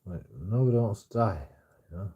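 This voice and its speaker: A man's voice: lowish voice, a little fast, slightly rough. Swearing man ranting, lo-fi. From England. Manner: swears constantly, rambling and repetitive. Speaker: streamer. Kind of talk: casual rambling rant.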